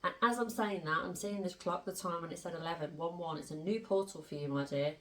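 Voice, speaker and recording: A woman's voice: fairly low pitch, a little fast. Chatty woman in a roomy space. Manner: chatty, emphatic, rambling with asides. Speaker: tarot reader. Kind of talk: casual spiritual tarot reading. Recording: roomy sound, distant from the mic.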